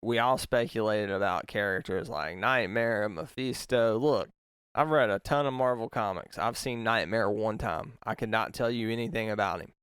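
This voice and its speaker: Male podcast host, passionate rambling review; low-ish, smooth voice, dry sound. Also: normal speed, fairly bright tone, dry recording. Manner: passionate, rambling with self-corrections. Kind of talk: opinionated review monologue.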